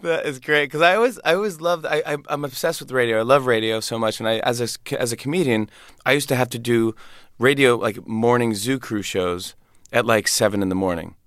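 A man, a comedian guest, telling stories in animated, casual chat with quick restarts. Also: medium pitch, clear, resonant tone, no room sound, studio quality.

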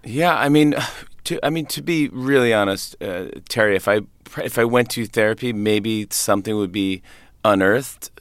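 This thirty-something male comedian has a fairly low pitch and talks at normal speed. Recorded dry with a clean studio sound, he's a guest in an interview conversation, frequently laughing and voicing the people in his stories.

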